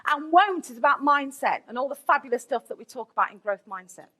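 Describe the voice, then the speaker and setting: A woman, a teacher giving a candid, lively conference keynote with asides to the audience. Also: sits high, fairly quick. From England, Nottingham.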